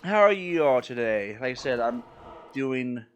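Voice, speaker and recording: A man's voice: medium pitch, expressive, unhurried, dull audio, faint music behind. A man from Maryland chatting casually with his viewers while streaming a game, rambling and self-deprecating. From Maryland, USA. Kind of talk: casual live-stream chat while playing.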